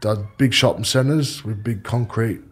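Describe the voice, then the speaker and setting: A man's voice: on the low side, a little slow, breathy edge. A man with an Australian accent, a former rugby league player, telling rambling stories and swearing freely in casual chat.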